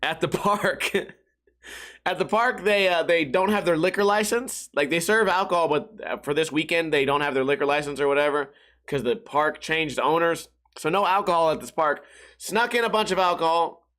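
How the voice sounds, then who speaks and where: A young man hosts a podcast, his voice a little high and a bit bright, moving at normal speed. He tells casual stories in a monologue, swearing a lot and laughing at his own jokes.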